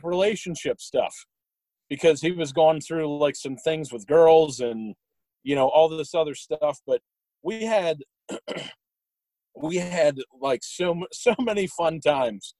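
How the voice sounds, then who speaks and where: A young man with a slightly high voice talks through old memories in a loose, rambling way and chuckles as he goes. The sound is close and dry, with no room around it. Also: unhurried, no echo, rough recording. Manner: rambling, warm, chuckles while telling stories. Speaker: guest sharing memories. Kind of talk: casual storytelling.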